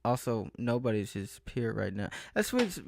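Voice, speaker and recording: A man's voice: medium pitch, big pitch swings, moderate pace, creaky, noisy background. A young man rambling through a casual vlog monologue, often losing his train of thought and breaking off mid-sentence. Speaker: vlogger.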